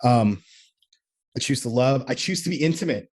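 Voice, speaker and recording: Male coach, mid pitch, earnest and animated, casual group-call delivery. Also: moderate pace, husky. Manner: earnest, animated, acts out quotes.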